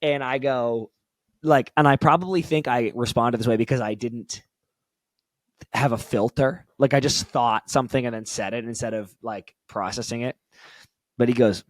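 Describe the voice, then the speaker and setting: A young man co-hosting a podcast, telling a story in casual, excited chat, swearing and laughing often. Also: medium pitch, moderate pace, no echo. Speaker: podcast co-host.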